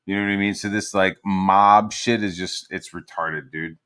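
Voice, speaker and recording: A man with a fairly low voice hosts a livestream and rants in a casual, rambling way. He swears constantly and mocks his targets with heavy sarcasm. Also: fairly even intonation, moderate pace, sharp tone, clear, resonant tone. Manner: profane, meandering, sarcastic. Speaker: livestream host. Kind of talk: casual ranting commentary.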